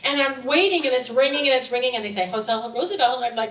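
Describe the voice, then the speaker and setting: A middle-aged woman telling a story on a bar stage, animated and growing loud and excited. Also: sits high, quick pace, hardly any pauses. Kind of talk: live storytelling to an audience. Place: stage in a bar, audience present. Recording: roomy live recording from a distance, faint room noise.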